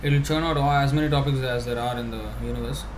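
A man giving a conversational spiritual talk, answering questions with many fillers and restarts, now and then laughing softly. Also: medium pitch, fairly even intonation, quick pace, background noise.

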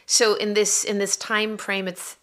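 A woman co-hosting a casual conversation, explaining with a soft voice that often drops to a near whisper. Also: medium pitch, level tone, unhurried. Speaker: co-host.

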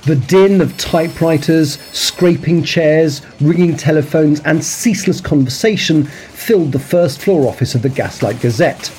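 A man reading a period detective story aloud in a measured, expressive narration. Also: on the high side, slight background noise. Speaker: story reader. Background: faint ambient sound.

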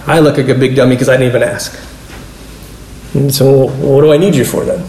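A man's voice: medium pitch, steady tone, fast, darkish tone, roomy sound, slight background noise, poor audio. A man giving a casual, conversational sermon as a pastor, explaining scripture and acting out quoted dialogue along the way. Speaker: pastor teaching a Bible study.

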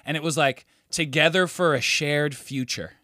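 Bright-voiced young guy on a podcast. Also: on the high side, normal speed, no room sound, clean studio sound. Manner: laid-back storyteller, swears, says dude a lot. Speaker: podcast co-host. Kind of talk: casual chat.

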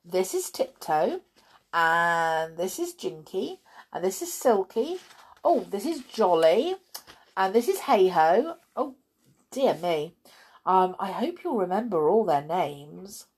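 A woman's voice: mid-range voice, sing-song, slow pace, husky, exaggerated voice. A woman voicing a kindly, cheerful little man who comforts a child.

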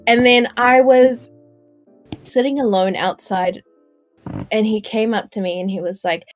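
A woman's voice: a little high, fairly even intonation, a little slow, faint music behind. A young adult woman, earnestly telling a personal story in casual chat, with lots of "like". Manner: earnest storytelling, heavy use of "like".

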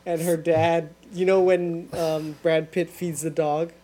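Co-host, chatty and quick to laugh. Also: male voice, a little high, flat delivery, warm tone. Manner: giggly storytelling, breaks into laughter. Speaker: podcast co-host. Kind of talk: casual chat.

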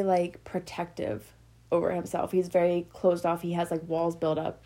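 A woman's voice: on the low side, warm tone. A young woman talking to her viewers in a personal vlog, rambling and heartfelt, full of likes and okays, close to tears. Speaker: vlogger. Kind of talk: emotional personal vlog talk.

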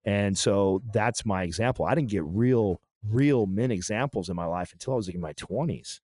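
Low-voiced guy on a podcast, cussing a lot, blunt and fired up, dead dry mic. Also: normal speed, darkish tone, dry recording. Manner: blunt, profane and emphatic. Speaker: podcast co-host. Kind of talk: candid podcast storytelling.

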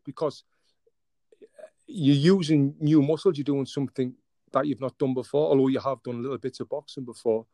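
A friendly man with an English accent who calls people mate and laughs easily while he chats. His voice sits at an ordinary middle pitch. The recording is dry and close, with no room sound. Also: normal speed, dark tone, no room sound. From England. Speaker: boxing coach, guest. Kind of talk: casual interview chat.

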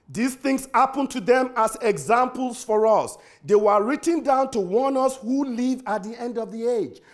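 A man preaching a sermon with emphatic repetition, swinging from loud exhortation to hushed pleading. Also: extremely high pitch. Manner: pleading, earnest. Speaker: pastor.

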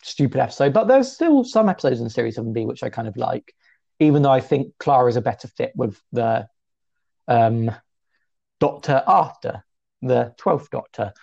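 Gravelly young man, chatty co-host. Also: normal speed, dull audio. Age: 20s. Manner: chatty, self-deprecating, lively pitch jumps. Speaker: podcast co-host. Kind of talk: casual chat.

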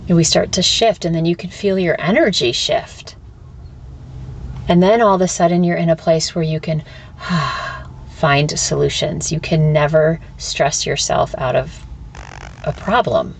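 A woman hosting a spiritual self-help podcast, talking candidly and casually, swearing freely and slipping into high squeaky voices when she quotes people. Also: measured pace, gravelly, a little hiss or hum. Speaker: podcast host. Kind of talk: reflective spiritual talk.

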